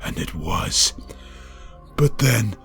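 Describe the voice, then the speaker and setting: Slow dramatic man reading a scary story. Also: on the low side, expressive, vocal fry, soft background music. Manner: dramatic, builds tension, rising to near-shouting at scary moments.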